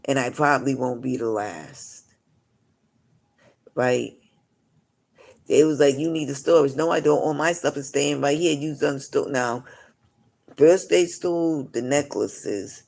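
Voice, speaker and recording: A man's voice: mid-range voice, creaky, a little mellow. A man telling long, rambling stories on a live stream, full of "you know" asides. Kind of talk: casual rambling storytelling.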